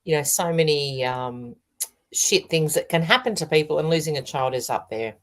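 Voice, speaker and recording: A woman's voice: low-pitched, expressive, normal speed. A middle-aged Australian woman co-hosting a casual chat, telling stories with frequent laughter. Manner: warm storytelling, laughs often. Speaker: co-host, medium.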